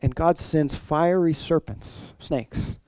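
A man's voice: a little high, slow, darkish tone, no room sound, rough recording. A male pastor preaching a sermon in a conversational way, full of restarts and rhetorical questions.

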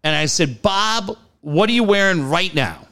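Animated storytelling man in his late 40s. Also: sits high, measured pace. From San Diego area, California. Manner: animated storytelling, swears freely, acts out quoted voices. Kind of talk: casual chat.

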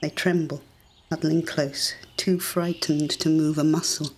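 An audiobook narrator giving a measured, deliberate reading of a scripted story. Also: medium pitch, little pitch movement.

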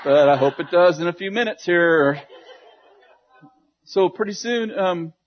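A man preaching to a congregation, telling a funny story in an animated way with laughs and quick asides. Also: high-pitched, some chatter behind. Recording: dull lo-fi sound.

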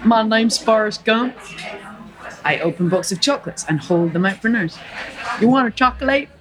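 A woman voicing a slow, earnest, simple-minded Southern man. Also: fairly high pitch, music in the background, lightly acted.

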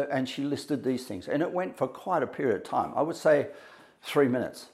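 Male motivational speaker, mid pitch, dramatic pauses, acts out dialogue. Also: expressive, gravelly, darkish tone. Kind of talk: storytelling talk to an audience.

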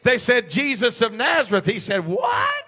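A male senior pastor preaching a Pentecostal sermon in a church. He moves from hushed storytelling to shouted, rhythmic preaching. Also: high-pitched, moderate pace. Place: church sanctuary.

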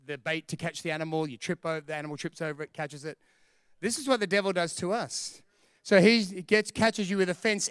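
A man preaching a sermon as a pastor, animated and storytelling, acting out the voices of the people in his stories. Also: high-pitched, clean tone, dry recording, studio quality.

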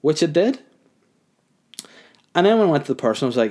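A young man telling a story in a casual, animated rant, incredulous and full of fillers. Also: a little high, fairly quick.

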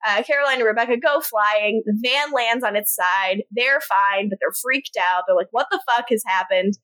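A woman's voice: medium pitch, normal speed, sharp tone, no echo, poor audio. A woman hosting a podcast, casually retelling a TV episode and acting out the characters' lines. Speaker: podcast host recapping a TV episode. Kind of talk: casual chat.

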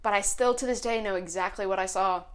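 A young woman co-hosting a podcast, telling a story in a rambling, animated way and saying "like" constantly. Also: medium pitch, fast. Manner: rambling, heavy use of "like", animated retelling. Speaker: podcast co-host. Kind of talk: casual storytelling chat.

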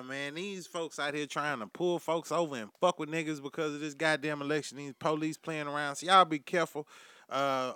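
Animated, profane podcast host man. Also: medium pitch, smooth, no echo. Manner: profane, animated, swings loud and quiet. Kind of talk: casual comedic monologue.

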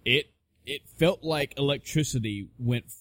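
A young man co-hosting a casual podcast, telling swearing, animated stories and mimicking people. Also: moderate pace, no echo, studio quality. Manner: profane, animated storyteller, mimics others in high voices. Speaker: podcast co-host.

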